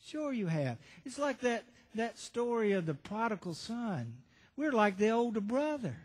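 High-voiced preacher in a reverberant church. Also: male voice, very animated, normal speed. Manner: storytelling, rhetorical questions to the congregation. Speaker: pastor. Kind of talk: sermon. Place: church sanctuary.

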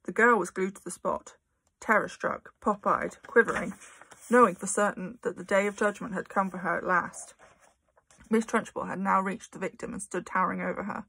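A woman reading a children's novel aloud with lively, expressive storytelling. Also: medium pitch, normal speed, vocal fry, breathy edge, dry recording. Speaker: narrator.

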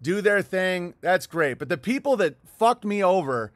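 A man's voice: high voice, sing-song, measured pace, dry recording. A middle-aged man hosting a livestream, talking in a heated, profane, rambling monologue with frequent restarts. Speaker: livestream host. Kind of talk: rambling livestream monologue reading viewer chats.

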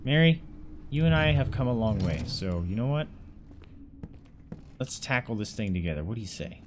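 A man narrating his own horror game run in a loose, joking way. He talks to the items he carries and admits how scared he is. His pitch sits in the middle range, with a faint hiss of noise behind him. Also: animated, moderate pace. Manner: jokey, talks to objects in the game, easily spooked. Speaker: let's play gamer. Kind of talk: casual horror game commentary.

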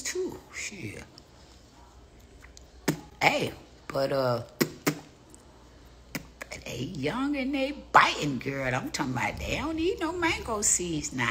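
A middle-aged woman ranting on a phone live stream, brash and profane, swinging between hushed whispers and loud exclamations. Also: fairly high pitch, slight background noise. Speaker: social media personality. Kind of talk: casual live-stream rant.

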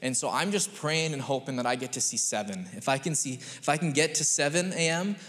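A man in his thirties, a pastor, gives a chatty, story-driven sermon in a church sanctuary, his slightly high voice moving fairly quickly. He tells stories animatedly and does different voices, and the recording carries a long church-hall reverb.

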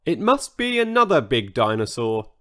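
A man's voice: mid-range voice, sing-song, normal speed, pushed and bright. A man doing a grumpy old triceratops. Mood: angry. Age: older. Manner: grumbling, gruff, bossy.

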